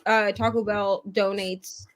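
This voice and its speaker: A woman hosting a casual reading livestream, chatting and telling a lively story about her fast-food job, acting out customers' voices. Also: mid-range voice. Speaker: channel host.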